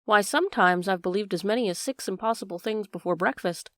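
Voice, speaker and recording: A woman voicing a fussy, excitable old queen in a storybook reading. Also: medium pitch, a little fast, no room sound, studio quality, natural voice.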